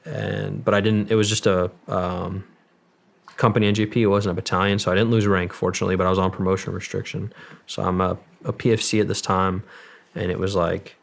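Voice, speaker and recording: Low gravelly man telling a story. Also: flat delivery, a little fast. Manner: retells events with many quoted exchanges and profanity. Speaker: interview guest. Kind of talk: casual storytelling.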